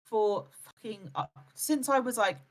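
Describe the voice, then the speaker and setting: Brief woman live streamer, fairly high voice, blunt and profane, lectures hard. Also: measured pace. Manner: blunt, swears a lot, lectures and mimics others. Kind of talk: heated live-stream chat.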